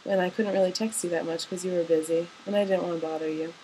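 A young college-age woman speaks a personal voice message to someone she loves, wandering from thought to thought with soft hesitations. Her voice sits slightly low for a woman. A faint hiss runs under the recording. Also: fairly even intonation, quick pace, rough recording. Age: young adult. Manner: rambling, tender and hesitant, with many ums. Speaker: college student.

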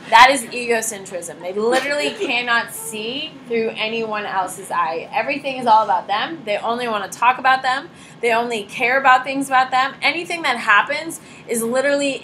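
Bright, chatty woman teacher lecturing. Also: on the high side, moderate pace, slight background noise, poor audio. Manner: chatty, storytelling, sarcastic asides. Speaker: high school teacher. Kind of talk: classroom lecture. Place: classroom.

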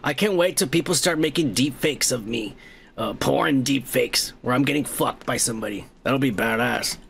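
A middle-aged man hosting a podcast, reading viewer comments in a profane, joking way and loudly toasting viewers. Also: medium pitch, normal speed, vocal fry, a little hiss or hum. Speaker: podcast host. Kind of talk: casual comment-reading chat.

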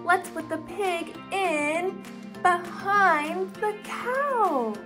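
A young woman hosting a children's learning video, talking in a slow, exaggerated, encouraging sing-song for toddlers. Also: very high voice, music in the background. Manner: exaggerated, encouraging, drawn-out words. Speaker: children's educational video host.

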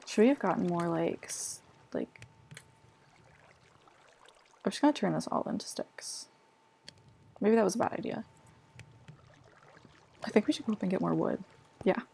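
A woman's voice: mid-range voice, lively intonation, moderate pace, creaky, long pauses, mellow. A young woman chatting casually as she plays a game, self-mocking and full of filler words. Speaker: gaming vlogger. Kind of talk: casual gameplay commentary. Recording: noisy home recording.

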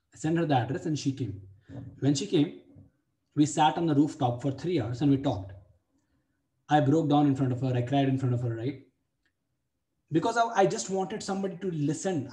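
Young male coach, mellow voice, blunt and profane, repeats himself, roomy echo. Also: fairly high pitch. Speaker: dating coach. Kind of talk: personal story for a webinar. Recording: echoey room.

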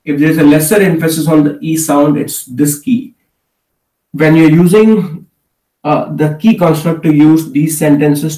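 A man's voice: fairly high pitch, warm tone. A man teaching a live online Hindi class, explaining with many fillers and checking in with "okay" as he goes. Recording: echoey room, mic at a distance.

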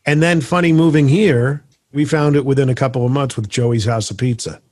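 A man in casual chat who tells animated stories and mimics people loudly. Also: mid-range voice, fairly quick, dry recording, studio quality.

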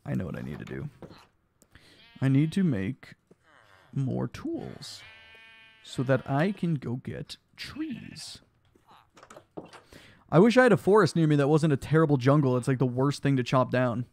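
A man's voice: mid-range voice, big pitch swings, measured pace, long pauses, a little mellow. A young man streaming a block game live, chatting casually and reading his chat aloud, tired from lack of sleep. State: sleep deprived, yawning.

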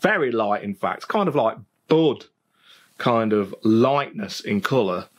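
A man's voice: on the low side, lively intonation, a little slow. A man with a Leicestershire accent, chatting casually and jokingly as he reviews a beer at home, often repeating his phrases. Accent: Leicestershire English. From England. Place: home garden, outdoors.

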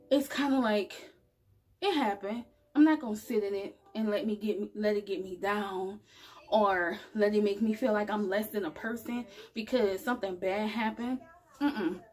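A woman vlogger speaks directly to her followers with a slightly raised pitch and a husky edge. She talks casually and earnestly. She keeps the feel of a heartfelt motivational chat. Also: darkish tone. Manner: earnest, chatty, addresses viewers directly. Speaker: spiritual vlogger. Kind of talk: casual motivational talk to camera.

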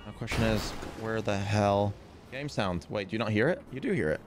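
A man streaming a roleplay game, excitedly repeating himself and issuing in-character threats. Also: lowish voice, fairly quick, noisy background. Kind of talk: live game commentary.

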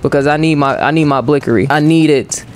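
A young man with a fairly high voice commentating a let's play, keeping up profane, joking banter with his viewers. Faint noise sits behind him. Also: fast talker. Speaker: gaming streamer.

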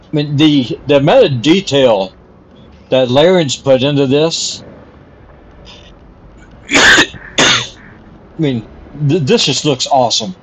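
A man's voice: mid-range voice, expressive, slow, pauses often, fairly bright tone, slight background noise, low-quality recording. A man casually commenting on his gameplay stream while coughing often and apologizing for it. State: coughing repeatedly.

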